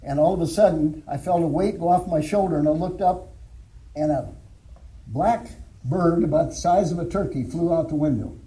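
Speaking at a moderate pace, this former alcohol counselor, an older man, relates his testimony at church with folksy storytelling and occasional chuckles. Though high for a male voice, his tone is very dark and mellow, heard on a rough recording.

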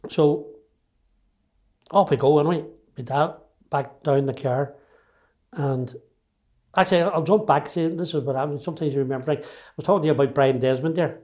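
A man's voice: on the high side, moderate pace, long pauses, darkish tone. A man from Derry in his sixties with a Derry accent, recounting his own story in an interview, emphatic and full of restarts. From Northern Ireland. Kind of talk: personal storytelling.

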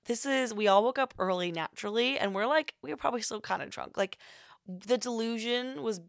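Young female podcast host, gravelly voice, dry close sound, rambling casual storyteller. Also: on the high side, a little fast, no room sound. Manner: rambling, heavy on filler words.

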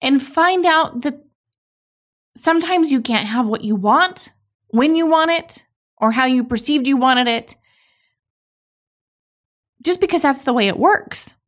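A woman in her thirties hosting a podcast, talking candidly and emotionally in a raw, halting way with frequent restarts. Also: high-pitched, animated. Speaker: podcast host. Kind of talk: candid solo podcast monologue.

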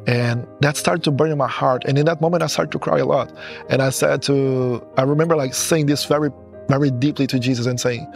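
A man's voice: medium pitch, fairly even intonation, fairly quick, creaky, soft background music. A young man earnestly telling a personal faith testimony in slightly non-native English, often restarting his phrases. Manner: earnest storytelling with frequent restarts. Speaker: guest sharing a testimony.

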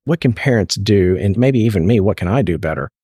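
A man's voice: fairly low pitch, lively intonation, brisk, warm tone, breathy edge, no room sound, studio quality. A man hosting a faith podcast, asking earnest questions and quoting scripture in casual conversation. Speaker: podcast host, parent.

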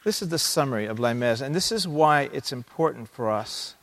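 A man preaching an interactive sermon, animated and calling out to the congregation for answers. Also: medium pitch, fairly quick, big-room sound.

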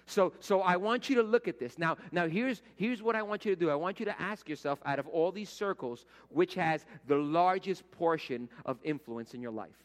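Storytelling pastor in a reverberant hall. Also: male voice, high voice, moderate pace, hardly any pauses. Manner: storytelling, conversational, acts out quoted voices. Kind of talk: sermon.

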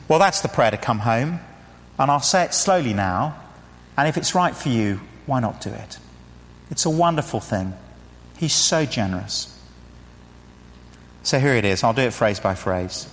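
A man preaching a sermon, earnestly pleading and slowing down gently to lead a prayer. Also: mid-range voice, expressive. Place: church. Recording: church hall reverb.

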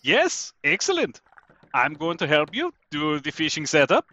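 A man's voice: a little high, huge pitch swings, moderate pace, pushed and bright, no room sound, lo-fi sound, pitched above the performer's own voice, full character voice. A man voicing Jan, an eager, overly polite young male sailor, in a tabletop game.

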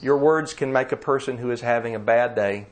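A man preaching a sermon, earnest and emphatic, slowing down to read scripture. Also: mid-range voice.

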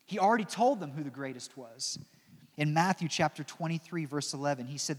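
A higher-voiced preacher in a reverberant church. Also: male voice, a little fast. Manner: storytelling, dramatizing, joking asides. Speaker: pastor. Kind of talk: sermon.

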